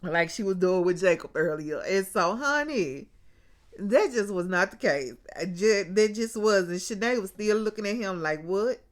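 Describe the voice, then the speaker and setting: A woman's voice: mid-range voice, normal speed. A woman casually recapping a TV episode in a chatty, colloquial way, laughing often and calling her listeners baby and child. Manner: animated, laughs often, drawls out exclamations.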